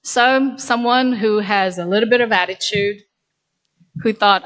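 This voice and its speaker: A woman's voice: medium pitch, a little slow, fairly bright tone. A middle-aged woman from Korea addresses graduates at a ceremony. She tells stories from her own career in a candid, conversational way that stays plain and direct. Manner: conversational, candid, with frequent "actually". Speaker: graduation guest speaker. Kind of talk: ceremonial speech, personal storytelling.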